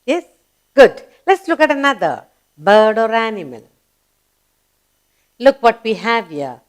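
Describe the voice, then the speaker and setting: A woman's voice: fairly high pitch, very animated, unhurried. A woman teaching young children, asking questions, answering them herself and spelling words letter by letter in an emphatic, coaxing way. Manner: emphatic, coaxing classroom delivery. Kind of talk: children's grammar lesson.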